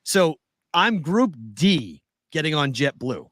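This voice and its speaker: A man's voice: fairly high pitch, big pitch swings, takes it slowly, a bit bright, dry recording. A man co-hosting a casual chat show, telling a story with animation and acting out both sides of the conversation. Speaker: podcast co-host.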